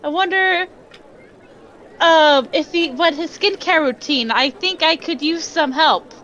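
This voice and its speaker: A woman's voice: high voice, a little slow, sharp tone, lo-fi sound. A woman playing a tabletop role-playing game over a voice call, hesitant and giggly, with lots of fillers. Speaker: player. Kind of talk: casual tabletop game chat.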